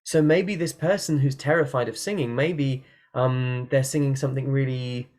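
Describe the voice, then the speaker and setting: A man teaching singing in an online workshop, talking casually from a room at his computer and breaking into quick sung and yelled demonstrations. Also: mid-range voice, steady tone.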